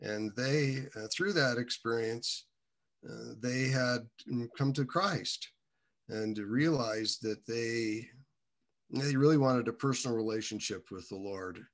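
A man sharing his personal faith testimony in a casual, halting way, with many restarts and side turns. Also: mid-range voice.

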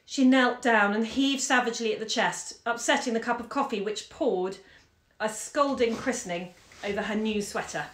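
A woman's voice: fairly high pitch, normal speed, fairly bright tone. Woman reading a story, echoey room. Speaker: bookseller reading aloud. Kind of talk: story read aloud on a live stream. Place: home during lockdown.

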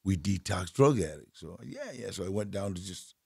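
A man with a gravelly, husky voice tells stories as an interview guest, circling back and restarting his sentences. His pitch sits in an ordinary middle range. The sound is dry and close, with no room echo. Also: expressive, moderate pace. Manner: rambling, many restarts, laughs often. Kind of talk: casual storytelling.

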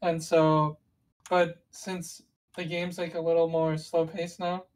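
Brief: woman with a lower voice, co-host who walks through game strategy in loose, meandering detail. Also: little pitch movement, slow pace, a little mellow, low-quality recording. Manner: rambling, detailed explainer with restarts. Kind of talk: casual gaming chat.

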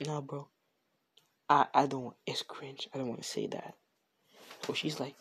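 A man's voice: mid-range voice, steady tone, measured pace, a bit bright, husky. A young man casually improvising a fan fiction story, rambling and slangy, correcting himself as he goes.

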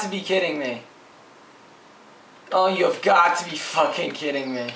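Male gamer commentator, mid-pitched, cursing a lot; distant, echoey mic with loud game noise behind. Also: normal speed, pauses often. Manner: profane, frustrated ranting. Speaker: gameplay commentator. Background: game audio with ambience.

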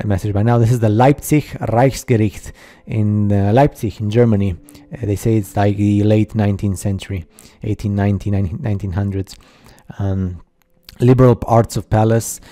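A man talks over a slideshow in a very dark, mellow voice set fairly low. He narrates casually and haltingly, with many fillers and skeptical asides. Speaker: video narrator.

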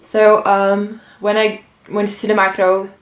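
A young woman vlogger tells a personal story in an emotional, earnest way, though her medium-pitched delivery is completely flat and slow. Her speech has many fillers and restarts, and the recording has a roomy echo.

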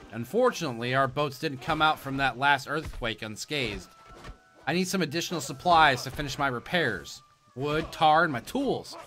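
A man voicing a determined male fisherman who is repairing boats, reading the game's dialogue aloud a bit louder than his usual talk. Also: on the high side, voice pushed up. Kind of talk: reading game dialogue during a playthrough.

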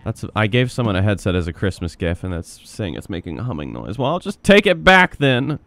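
Excitable, lively-voiced male gamer. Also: on the low side, brisk, hardly any pauses, no echo. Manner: excitable and profane, bursts into shouting. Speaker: gameplay commentator. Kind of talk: playful role-play gaming commentary. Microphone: headset.

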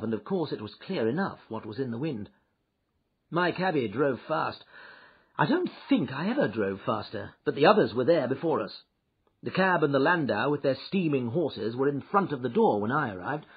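A man reading an audiobook, voicing a shrewd male detective who recounts his adventure with lively, wry storytelling, on a dull lo-fi recording. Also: mid-range voice, normal speed, husky, full character voice. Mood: amused.

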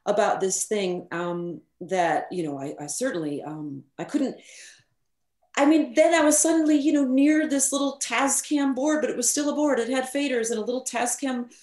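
The speaker is a middle-aged woman who engineers recordings, sharing anecdotes in a casual interview with frank, animated energy, easy swearing, and frequent fillers. Her voice is a little high and her speed normal, captured with an echoey room sound.

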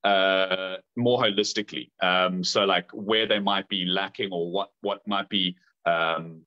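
A man who works as a therapist and coach, answering questions in a measured, thoughtful way. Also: low-pitched, fairly even intonation. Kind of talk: casual chat. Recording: dull lo-fi sound.

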